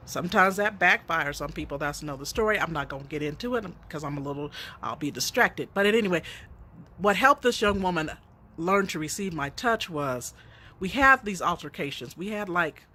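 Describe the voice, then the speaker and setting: A woman's voice: lowish voice, lively intonation, normal speed, pushed and bright. A middle-aged woman telling a personal story in a reflective way, often laughing as she speaks.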